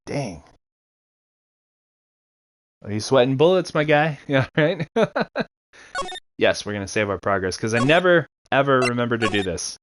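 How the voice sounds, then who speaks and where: A man giving casual, chatty commentary while playing a game, laughing often and throwing in quick asides. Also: mid-range voice, a bit bright, a little hiss or hum. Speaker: let's-play streamer. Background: game music.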